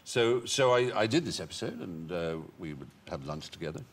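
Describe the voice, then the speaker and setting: Husky, lively-voiced witty male storyteller. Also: sits low, moderate pace. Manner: witty, wordy storyteller with playful asides. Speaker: talk show guest. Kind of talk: anecdotal chat show storytelling. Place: TV studio with a live audience.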